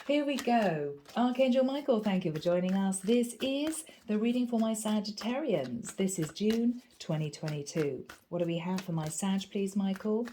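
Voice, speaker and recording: A woman with a gravelly voice from a cold, giving a chatty, animated tarot reading. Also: medium pitch, slight background noise. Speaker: tarot reader. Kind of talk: casual spoken tarot reading.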